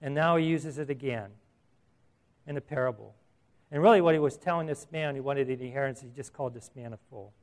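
A man's voice: mid-range voice, a little fast. A man preaching a sermon in a conversational way, asking the audience questions and chuckling at his own asides.

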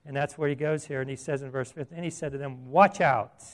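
A man's voice: medium pitch, fairly even intonation, fast talker. A middle-aged man preaching a sermon as a pastor, earnest and emphatic, asking his listeners questions.

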